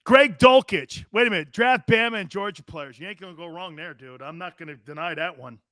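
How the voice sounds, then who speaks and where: A man's voice: high-pitched, fairly quick, pushed and bright, no room sound, studio quality. Brash, profane male sports host. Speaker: sports talk show host. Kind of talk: sports talk rant.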